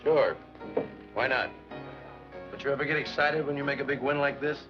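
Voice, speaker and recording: A man's voice: medium pitch, steady tone, moderate pace, over music, natural voice. A man playing a cocky saloon gunman. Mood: boisterous. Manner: brash, taunting. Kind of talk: 1940s western film acting. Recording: muffled old film soundtrack with score.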